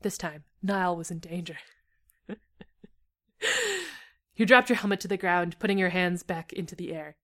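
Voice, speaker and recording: A woman's voice: fairly low pitch, moderate pace, long pauses. Young woman reading her own fan fiction.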